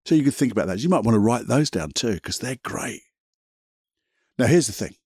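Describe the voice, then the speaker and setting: Male coach, low husky voice, dry close sound, gentle guided-visualization delivery. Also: no echo. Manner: calm, soothing, slows into gentle guidance. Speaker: podcast host and anxiety coach.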